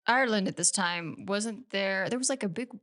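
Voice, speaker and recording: A woman's voice: mid-range voice, moderate pace, a bit bright. A woman co-hosting a podcast, chiming in with quips and guesses during casual true-crime chat. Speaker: podcast co-host.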